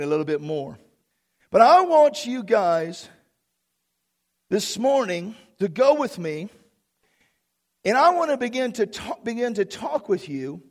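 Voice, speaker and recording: High gravelly-voiced male pastor preaching. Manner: shouting, emotional preaching with call-and-response. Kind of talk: sermon. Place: church.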